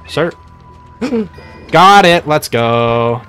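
A man's voice: on the high side, animated, slow pace, fairly bright tone, faint music behind. A young man casually commenting on his own gameplay, rambling and joking, with sudden panicky outbursts. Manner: rambling, jokey, panicky bursts. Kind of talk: casual let's-play commentary.

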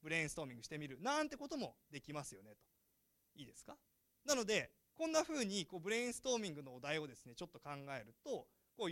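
High-pitched guy teaching a class, talks fast n loose, super dry mic. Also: dry recording. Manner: chatty, lively, asks the class questions. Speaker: university lecturer. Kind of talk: classroom lecture switching between Japanese and English.

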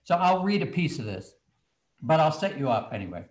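An older man, a children's author, telling a story from his childhood to students over a video call, lively and dropping to a hush for tense moments. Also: a little high, brisk.

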